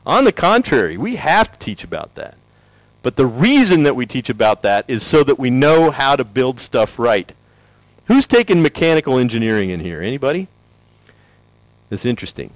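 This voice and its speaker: A man lecturing with jokes, his pitch jumping around as he acts out little voices. The sound is dull and lo-fi, and the space is dry, with no echo. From Tennessee. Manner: animated, joking, acts out quick voices. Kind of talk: lively conference talk.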